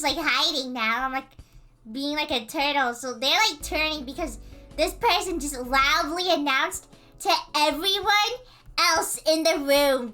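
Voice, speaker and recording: A woman streamer casually retelling a story in an animated way, full of fillers and quick laughs. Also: high-pitched.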